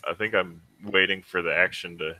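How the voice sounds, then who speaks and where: A man playing a tabletop game who thinks aloud hesitantly, with many pauses and ums. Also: low-pitched, fairly even intonation, sharp tone, no room sound, low-quality recording. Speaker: player.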